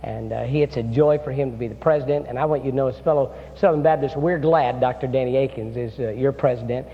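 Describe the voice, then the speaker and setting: A man's voice: mid-range voice, quick pace, husky. A man preaching a chapel sermon as a guest preacher, folksy and storytelling, with many filler "uh"s. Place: seminary chapel. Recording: dull sound in a reverberant hall.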